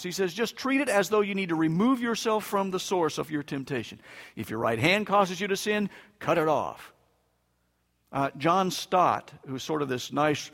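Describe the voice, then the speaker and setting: A male pastor preaching a sermon in an emphatic, conversational way with touches of humor, his voice swinging between loud bursts and quiet asides. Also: fairly high pitch, expressive, moderate pace. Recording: long reverb of a large hall.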